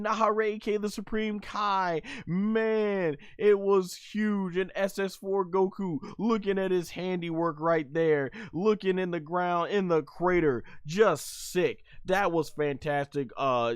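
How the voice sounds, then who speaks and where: A man reviewing an anime episode as he watches, hyped up, acting out the characters' shouts and stumbling through plenty of fillers. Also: high voice, clear, resonant tone, no echo, studio quality. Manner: animated, acts out characters' lines, many fillers. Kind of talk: excited anime episode commentary.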